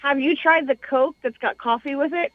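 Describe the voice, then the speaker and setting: A woman's voice: high voice, moderate pace, dry recording. A woman calling in to a radio show and chatting casually. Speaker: caller, host's wife. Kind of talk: casual phone-in chat. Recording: dull dry phone line.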